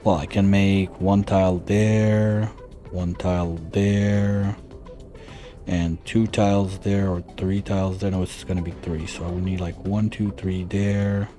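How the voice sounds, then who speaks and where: Guy doing a chill let's-play, low mellow voice, working stuff out out loud, faint music behind. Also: little pitch movement, a little slow. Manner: thinks aloud while planning, muttering calculations. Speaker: gameplay streamer. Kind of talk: casual let's-play commentary.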